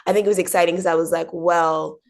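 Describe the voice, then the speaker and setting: A woman's voice: lowish voice, fairly even intonation, quick pace, creaky. A young woman answering interview questions in a bubbly, chatty way, with many fillers and acted-out quotes. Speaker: actor being interviewed.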